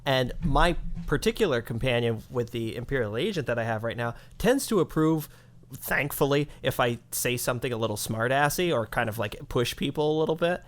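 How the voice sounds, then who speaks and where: Relaxed male podcast co-host. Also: medium pitch, a little fast. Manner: relaxed, chuckling, loose asides. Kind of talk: casual chat.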